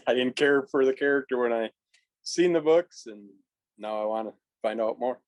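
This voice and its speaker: A man co-hosting a comic book podcast, easygoing and quick to laugh. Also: mid-range voice, no room sound. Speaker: podcast co-host. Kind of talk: casual podcast chat.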